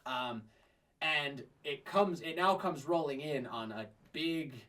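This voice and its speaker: A man's voice: a little high, slow pace, sharp tone, distant mic. A man narrating a tabletop game as game master, rambling with many fillers. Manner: rambling, filler-heavy, frequent laughs.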